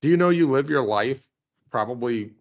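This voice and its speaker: A man's voice: medium pitch, animated, moderate pace, dull audio. A man co-hosting a casual talk show, with a dry, wry sense of humor, laughing at his own jokes. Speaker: podcast co-host. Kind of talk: casual chat.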